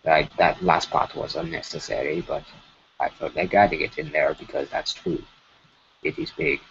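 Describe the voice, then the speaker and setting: A man's voice: very deep voice, big pitch swings, normal speed, vocal fry, a bit bright. A man chatting casually on a live stream while animating, rambling and stammering through frequent restarts. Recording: dull lo-fi stream audio with faint noise.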